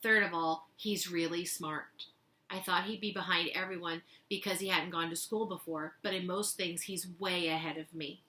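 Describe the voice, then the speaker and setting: A woman with a bright, clear voice reads a storybook aloud, the way a teacher would. She gives the characters' lines lively expression, and her voice sits a little on the lower side. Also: normal speed.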